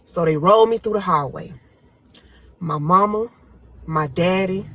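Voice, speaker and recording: A woman's voice: on the low side, unhurried, long pauses, fairly bright tone, faint music behind, rough recording. A young woman recounting her own story to listeners, dramatic and vivid, acting out her panicked pleas in a raised voice. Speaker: storyteller guest. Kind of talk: emotional first-person storytelling.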